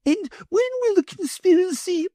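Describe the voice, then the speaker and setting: A man voicing a silly, greedy noblewoman who adores intrigue, in a shrill, gushing voice. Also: expressive, normal speed, warm tone, dry recording, clean studio sound.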